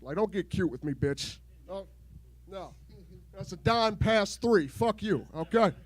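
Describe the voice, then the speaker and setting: High-voiced man telling crude jokes. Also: expressive, measured pace, no room sound. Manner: crude, rambling jokes with repeated false starts. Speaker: stand-up comedian. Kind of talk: stand-up comedy set. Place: home garage show before a live crowd.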